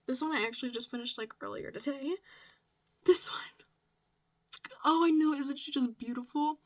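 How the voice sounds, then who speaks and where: A young woman from the Midwest chatting casually in a crochet vlog, gushing, swearing freely, and sometimes dropping into a whisper, her voice cracking. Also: high voice. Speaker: crochet vlogger. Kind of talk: casual chat.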